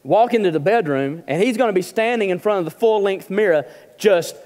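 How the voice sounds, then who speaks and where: A man's voice: high-pitched, brisk, darkish tone, in a large hall. A male pastor preaching a humorous, conversational sermon in a church. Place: church auditorium.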